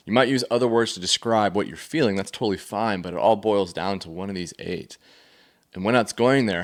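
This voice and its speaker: A man giving a casual faith-based teaching on feelings, telling stories in a loose, conversational way with plenty of fillers. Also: low-pitched. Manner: conversational, storytelling with many fillers.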